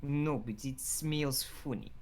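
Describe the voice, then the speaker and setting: A man's voice: mid-range voice, slow, darkish tone, a little hiss or hum. A man voicing a scheming, suspicious Russian man with a put-on Russian accent, in improvised comedic role-play on a stream.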